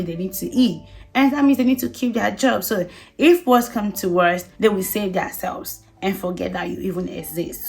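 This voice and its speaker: A woman giving casual advice to viewers, chatty and emphatic, often repeating herself and laughing. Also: medium pitch. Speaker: vlogger.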